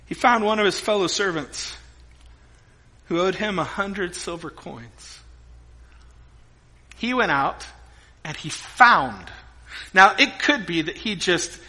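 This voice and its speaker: Male pastor, animated storytelling sermon delivery, ringing bright voice. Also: high voice, slow pace, pauses often, poor audio. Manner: animated, jokey, acts out voices. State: sick.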